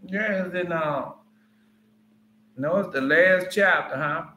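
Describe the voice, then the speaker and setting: A man's voice: on the high side, takes it slowly, bright, forceful tone. A man giving an informal Bible teaching in a conversational, rambling way with frequent asides. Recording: roomy echo.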